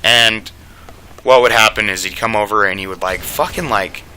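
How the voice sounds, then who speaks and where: A man's voice: fairly low pitch, moderate pace, pushed and bright, slight background noise. A young man telling a casual storytime rant, rambling and profane, packed with "like" fillers.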